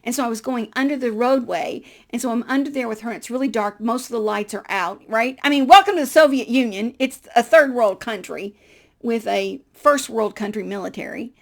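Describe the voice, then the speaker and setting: Middle-aged woman, vlog storyteller, animated delivery, slightly high voice with a gravelly edge. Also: a little fast. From United States. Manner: lively, animated storyteller who acts out dialogue. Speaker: vlogger. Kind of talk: personal storytelling.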